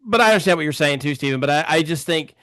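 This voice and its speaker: A man's voice: fairly high pitch, expressive, racing, sharp tone, no echo, studio quality. A man co-hosting a casual film discussion, talking in an agreeable, reflective way with frequent fillers. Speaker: podcast co-host.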